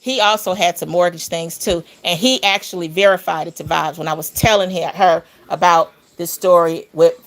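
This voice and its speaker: Woman w a bit of vocal fry just rambling thru a story, AAVE, gets animated on the big parts. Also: moderate pace, few pauses. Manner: animated, rambling, rising pitch on emphasis. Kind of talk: casual storytelling.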